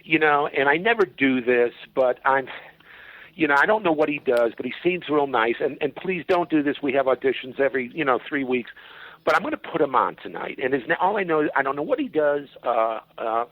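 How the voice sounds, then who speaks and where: A man's voice: mid-range voice, animated, fairly quick, no echo, narrow, tinny audio, lightly acted. A man doing a fussy old club owner. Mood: announcing. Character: fussy, kindly older male comedy club owner.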